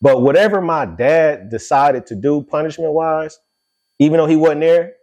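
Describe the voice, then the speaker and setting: A man's voice: on the high side, normal speed. A middle-aged man hosting a casual podcast chat, telling stories freely with plenty of swearing. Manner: animated storytelling, swears freely. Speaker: podcast host.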